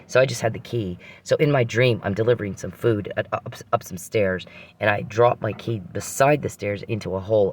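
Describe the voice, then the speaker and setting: A man's voice: fairly low pitch, a little fast. A man hosting a podcast, telling a rambling personal story with frequent restarts and religious reflection.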